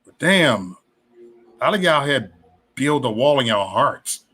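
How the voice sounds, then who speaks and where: A man talking casually about politics and faith, animated and preachy, with many restarts and slangy asides. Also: medium pitch, a little slow, breathy edge. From West Side of Chicago. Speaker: political commentator. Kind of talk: casual opinion vlog.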